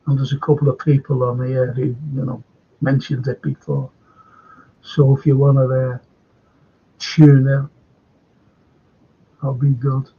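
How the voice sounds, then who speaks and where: A man's voice: medium pitch, monotone, a little slow, long pauses, husky. An older man hosting a casual live stream, chatting and reading viewer comments aloud. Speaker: show host. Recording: dull lo-fi stream audio.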